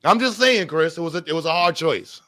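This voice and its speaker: A man's voice: fairly high pitch, lively intonation, a little fast, pushed and bright, no room sound, studio quality. A man hosting a podcast, ranting in a blunt, profane, slangy way. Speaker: podcast host. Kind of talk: heated casual rant.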